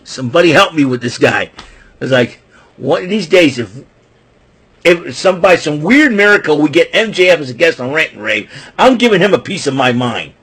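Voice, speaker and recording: Husky man ranting about wrestling. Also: a little high, animated, normal speed, fairly bright tone. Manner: ranting, exasperated, rambling. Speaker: show host. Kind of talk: wrestling recap commentary.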